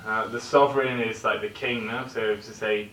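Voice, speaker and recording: With a lowish, slightly bright voice and fairly even intonation, a male English teacher explains words at normal speed during a vocabulary lesson. He checks in with the class through frequent tag questions. A recorder some distance away in an echoey room also catches a little hiss or hum.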